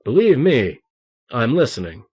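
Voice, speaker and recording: A man's voice: mid-range voice, sing-song, a little slow, husky. A man playing a shaken, ragged-voiced young man. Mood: bewildered. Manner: ragged, agitated, loud. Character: tortured young male teacher, shaky, bewildered.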